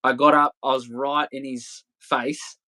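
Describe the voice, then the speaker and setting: A man in his thirties, talking as a podcast guest at a mid pitch. His stories ramble and restart, laced with swearing and easy laughter. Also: flat delivery, measured pace, sharp tone. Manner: loose, rambling, swears freely, laughs often. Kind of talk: casual storytelling interview.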